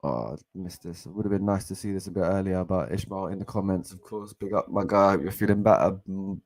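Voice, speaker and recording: A young man giving casual live match commentary as a fan co-host, excitable and exasperated, with frequent restarts. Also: sits low, quick pace. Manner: excitable and exasperated, swears, repeats and restarts phrases.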